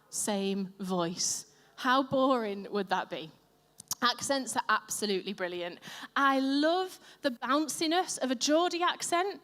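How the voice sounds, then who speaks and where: Woman, pastor, high voice, playful and self-deprecating, sermon, echoey church hall. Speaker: pastor on church lead team. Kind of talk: sermon with audience interaction.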